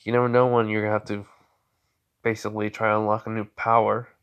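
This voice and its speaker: A man's voice: fairly low pitch, little pitch movement, fast talker, clear, resonant tone, muffled recording, natural voice. A man voicing a cocky, blunt young male swordsman in a fan story, talking in an offhand, teasing way.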